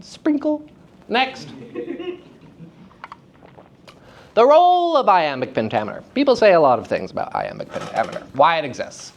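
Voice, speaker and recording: A man teaching young actors in a lively, playful lecture, joking with the students. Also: high voice, moderate pace, creaky, long pauses, a little hiss or hum. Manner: lively, playful, jokes with audience. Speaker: theater teacher. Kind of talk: lecture to high school students. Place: school hall with audience.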